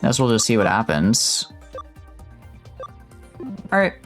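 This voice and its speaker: A man's voice: fairly low pitch, wildly swooping pitch, takes it slowly, fairly bright tone, soft background music. A young man giving casual, jokey gameplay commentary as a streamer. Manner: rambling, jokey.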